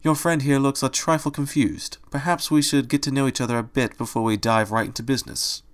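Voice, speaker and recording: Man voicing a gentle, formal old owl scholar, soft and mid-pitched. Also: brisk, clear, resonant tone, lightly acted. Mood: calm. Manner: calm, benevolent, formal.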